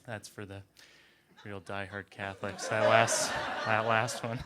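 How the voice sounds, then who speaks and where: A man's voice: fairly low pitch, flat delivery, a little slow, background noise. A young man telling a comic personal story in a conversational, self-deprecating way, often stumbling over repeated words. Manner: conversational, self-deprecating, frequent stammered restarts. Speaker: comedian.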